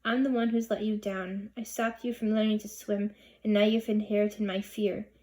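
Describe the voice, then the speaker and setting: A woman reading the lines of a fussy, scatterbrained but caring mother in a storybook, in a brisk, bustling way. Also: medium pitch, level tone, warm tone, close to an everyday voice. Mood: sorry. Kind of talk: audiobook reading.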